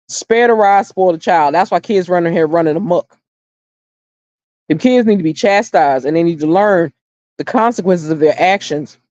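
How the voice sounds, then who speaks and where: A woman's voice: lowish voice, a little mellow, no room sound, lo-fi sound. A middle-aged woman hosting a casual livestream chat, blunt and opinionated, swearing freely and repeating her points for emphasis as she tells stories. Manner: storytelling, emphatic repetition. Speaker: livestream host.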